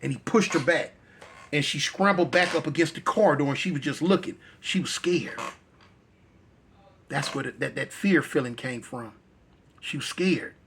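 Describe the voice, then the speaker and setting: A man's voice: a little high, husky. A male storyteller telling a dramatic tale in a conversational, repetitive way.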